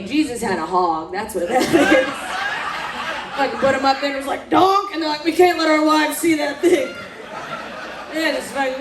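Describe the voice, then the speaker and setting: A woman's voice: sits high, noisy background. A young woman from Mississippi doing a crude stand-up routine, laughing at her own jokes and acting out voices. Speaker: stand-up comedian. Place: comedy club stage. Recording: echoey club room, distant mic. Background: audience laughter.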